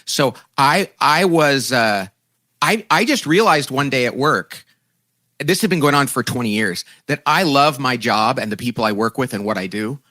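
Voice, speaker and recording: A man, a guest author, telling a lively conversational story and acting out quoted voices in a self-deprecating way. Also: medium pitch, normal speed, no room sound.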